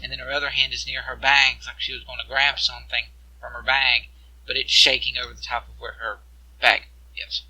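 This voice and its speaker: A man running a tabletop game as game master, narrating scenes and explaining rules in a halting way over voice chat. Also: medium pitch, flat delivery, bright, forceful tone, slightly rough, no room sound, low-quality recording.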